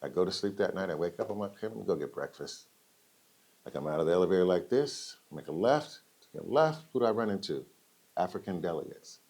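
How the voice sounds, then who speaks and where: A man with a fairly low voice tells a personal story to a live audience. He swings his pitch widely as he acts out the quoted lines. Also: quick pace. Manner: animated storyteller acting out quoted dialogue. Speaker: speaker at a roundtable. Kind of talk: storytelling speech.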